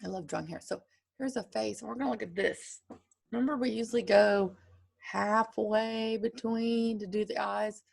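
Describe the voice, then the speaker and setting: A woman's voice: mid-range voice, darkish tone. A woman teacher giving an online drawing lesson to children, reading a picture book aloud and chatting. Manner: slow and chatty, gravelly. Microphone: computer screen share.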